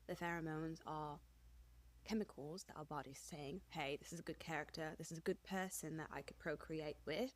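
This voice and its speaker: A woman's voice: deep voice, steady tone, normal speed. A woman in casual podcast chat, frank and opinionated, filling her talk with "like". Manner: opinionated, frank, heavy use of "like".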